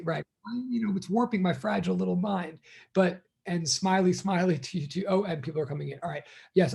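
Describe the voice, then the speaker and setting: A man's voice: high-pitched, creaky, darkish tone. A middle-aged male college teacher on a video call, chatting casually and rambling as he greets his students one by one. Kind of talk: casual online class greeting.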